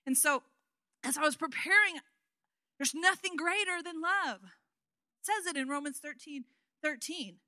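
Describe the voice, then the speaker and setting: A woman in her thirties delivers a sermon built on warm-hearted stories about her children. Her voice is bright and pitched a touch high. She talks in a chatty, animated way, often turning to the listeners with "you know what?" The sound is close and dry. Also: unhurried, pauses often, no echo. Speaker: guest preacher.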